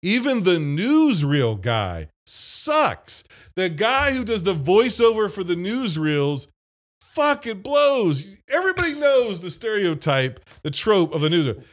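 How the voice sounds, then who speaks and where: A man's voice: high-pitched, huge pitch swings, slow pace. A man from Ohio hosting a casual movie-review podcast, laughing often and mimicking lines from films. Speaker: podcast host.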